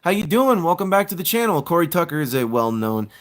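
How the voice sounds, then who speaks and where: A man's voice: a little high, sing-song, fast, a bit bright. Rambling man reviewing toys on a live stream. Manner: rambling, self-mocking, talks to chat while fiddling.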